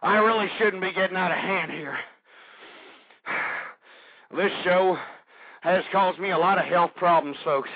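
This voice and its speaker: A man hosting a call-in radio show, delivering a profane, blustering rant that swings into yelling. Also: high voice, measured pace, pauses often, breathy edge, no echo. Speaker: radio talk show host. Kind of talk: ranting call-in radio monologue. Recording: muffled lo-fi internet radio.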